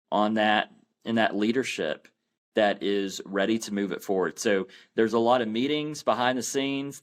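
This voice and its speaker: A man as a podcast guest, explaining earnestly and often restarting his sentences. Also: fairly low pitch. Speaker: guest, anti-abortion campaign founder. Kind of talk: podcast interview.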